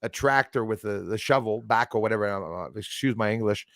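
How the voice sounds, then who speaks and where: A man whose first language is French, hosting a casual chat and telling animated stories with mimicked accents. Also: on the low side, a little fast, dry recording. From Canada. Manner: animated storyteller, mimics accents, laughs often. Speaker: channel host.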